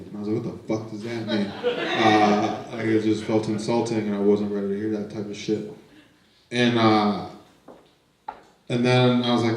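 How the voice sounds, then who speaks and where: A young man with a lowish voice tells stand-up stories in a laid-back, deadpan way, swearing as he goes. He sounds set back from the mic, and the room rings with a strong echo. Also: moderate pace, distant mic, a little hiss or hum. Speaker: stand-up comic. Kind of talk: stand-up storytelling. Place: art gallery.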